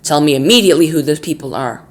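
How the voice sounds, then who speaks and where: A man voicing a blustering, childish male president in a read-aloud storybook, loud and bossy. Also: a little high, animated, fast talker, lightly acted.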